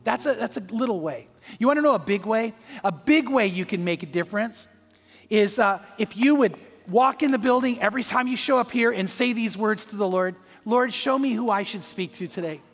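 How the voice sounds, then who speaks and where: A male pastor delivers a sermon with a notably high, light voice. He tells a story and acts out the people in it. The voice rings with long reverb through a large church hall, with faint music underneath. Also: expressive, brisk.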